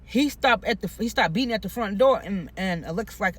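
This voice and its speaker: A man with a high, bright voice tells a personal story in a loose, casual monologue. He is animated and emphatic, swears constantly, and keeps circling back with slangy filler phrases. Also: brisk. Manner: heavy profanity, slangy and repetitive.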